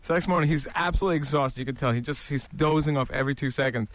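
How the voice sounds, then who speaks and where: A man's voice: fairly high pitch, racing, noisy background. A man on a radio show jumping in eagerly with details of a road story. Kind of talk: radio banter.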